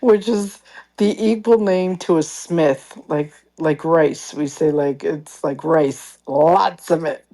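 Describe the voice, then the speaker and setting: A woman's voice: deep voice, slow. A woman telling a story in casual call-in chat, acting out what others say to her. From Canada. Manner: animated storytelling, acts out others' lines.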